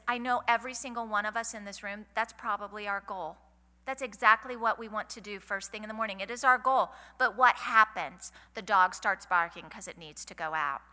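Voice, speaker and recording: A woman's voice: medium pitch, sharp tone. Chatty woman preaching in a hall. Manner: chatty, folksy, asks the audience questions. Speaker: conference speaker. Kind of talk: women's conference sermon. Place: large hall. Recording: hall reverb from a live event.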